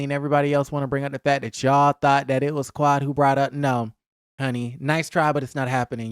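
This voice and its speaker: A man hosting his own channel, sassy and animated as he fires off rhetorical questions in casual pop-culture commentary. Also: mid-range voice, clear, resonant tone, no room sound, studio quality. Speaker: host.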